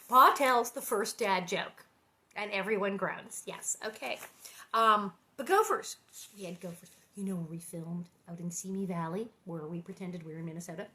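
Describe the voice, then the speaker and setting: A woman's voice: medium pitch, moderate pace, pushed and bright. A woman reading a children's book aloud with gushing, giggly asides. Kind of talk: storybook reading with chatty asides.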